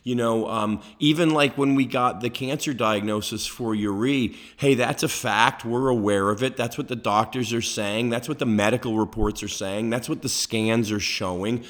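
A male pastor delivering a sermon in an earnest, emphatic way, stacking up repeated declarations. His voice sits at an ordinary middle pitch for a man. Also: normal speed, few pauses, fairly bright tone.

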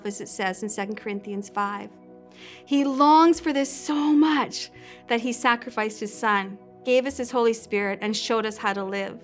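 A woman sharing a personal faith testimony at church, sincere and steady, reading scripture aloud. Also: a little high. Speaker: church member giving a testimony. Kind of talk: read testimony.

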